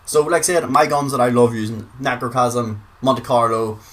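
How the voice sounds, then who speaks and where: A man's voice: mid-range voice, steady tone, normal speed, a bit bright. A man with a Northern Irish accent giving casual gaming commentary, chatty, swearing freely and repeating words for emphasis. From Northern Ireland. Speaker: gaming video creator.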